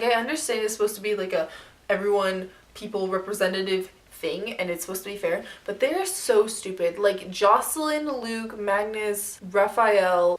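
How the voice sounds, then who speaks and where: A woman reviewing a book in a casual vlog, retelling the story in a chatty, gushing way full of "like". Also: fairly high pitch. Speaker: book vlogger.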